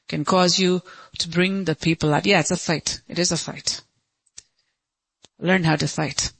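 A woman pastor preaching an impassioned sermon, swinging from high pleading cries to low hushed lines. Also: no room sound, rough recording. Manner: laughs between lines.

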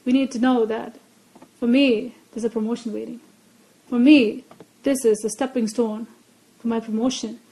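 High-voiced woman teaching from the Bible. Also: fairly even intonation, moderate pace, long pauses, warm tone, rough recording. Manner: earnest, repeats key phrases. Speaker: preacher.

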